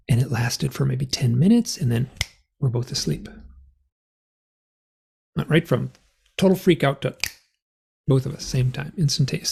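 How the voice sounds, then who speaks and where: A man telling his story in a rambling, animated way, full of fillers, as a guest on an interview show. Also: mid-range voice, creaky, husky. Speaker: guest author and experiencer. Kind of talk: conversational storytelling.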